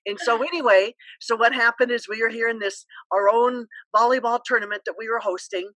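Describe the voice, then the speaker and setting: A middle-aged woman tells a meandering story over a video call, her voice bright and forceful. She laughs easily, and the sound is dry and close with no room echo. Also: on the high side, steady tone, fairly quick. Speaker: guest, former school counselor.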